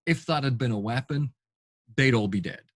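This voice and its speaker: A man's voice: medium pitch, moderate pace, no echo. A man giving unscripted reaction commentary, exasperated and full of rhetorical questions. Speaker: film and TV critic.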